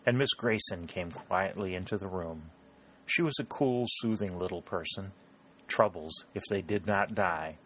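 A man narrating a novel as an audiobook in a measured storytelling delivery. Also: on the low side, a bit bright, slightly rough.

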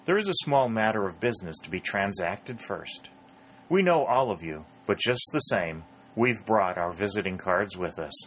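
A man's voice: fairly low pitch, expressive, normal speed, a bit bright, slight background noise. A man reading the lines of a jovial Union soldier in a storybook, teasing his friends playfully.

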